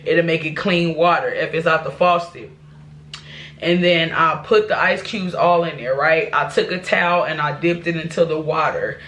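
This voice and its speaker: A woman's voice: low voice, normal speed, fairly bright tone. A woman vlogger telling a personal life story to her viewers, candid and rambling, with restarts and asides. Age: adult.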